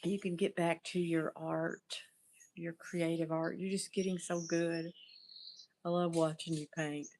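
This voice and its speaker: Southern woman, middle-aged, low voice, unhurried, rambling, reading comments aloud on a livestream. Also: flat delivery, darkish tone. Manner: rambling, riffs without a topic, reads viewer comments. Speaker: livestream host and therapist. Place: outdoors.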